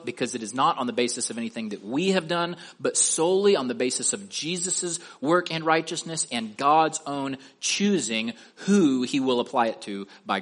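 Male preacher, mid-pitched voice, sermon delivery with rhetorical questions and slow, weighty endings. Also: a bit bright.

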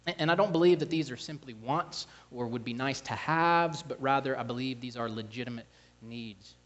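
A man's voice: medium pitch, normal speed. A man preaching a sermon as pastor, earnest, with frequent restarts and scripture reading.

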